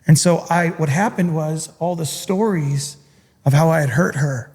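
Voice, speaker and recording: A middle-aged man speaks with an intense, earnest drive, slipping quoted thoughts into his story. His voice sits on the high side for a man. The sound rings with a long reverb in the room. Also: moderate pace, darkish tone, slightly rough. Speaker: podcast guest, coach. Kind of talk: candid interview talk.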